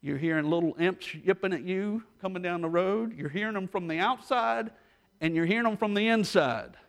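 A man preaching a sermon as pastor, telling stories and moving between hushed asides and rising intensity. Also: high voice, normal speed, vocal fry. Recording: long hall reverb.

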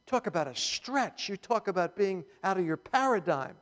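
Animated male pastor preaching in a reverberant hall. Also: sits high, moderate pace. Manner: animated storytelling with humor. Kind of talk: sermon.

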